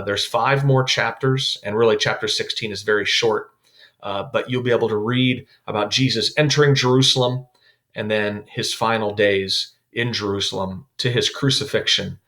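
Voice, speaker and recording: A man, a youth pastor, teaching a Bible devotional in a calm, explanatory way with frequent "uh" fillers. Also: lowish voice.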